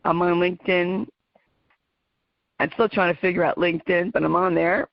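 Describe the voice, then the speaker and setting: A woman's voice: on the low side, fairly even intonation, normal speed, creaky, no echo. A middle-aged American woman hosting her own radio show, talking to her listeners in a heartfelt, emotional way and laughing often. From United States. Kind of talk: personal talk to listeners. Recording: muffled dry home recording.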